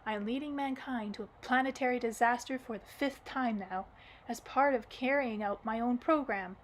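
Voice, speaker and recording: A boastful dark-haired man throws out loud, punchy claims, as a woman reads him in an audiobook. The voice sits a little high. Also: normal speed, slight background noise, lightly acted, low-quality recording. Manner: bragging, punchy outbursts.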